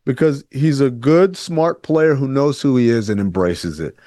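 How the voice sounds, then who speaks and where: A man co-hosting a casual sports talk show, animated and sarcastic, often acting out quotes in mock voices. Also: medium pitch, a little slow, no room sound, studio quality. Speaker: podcast co-host.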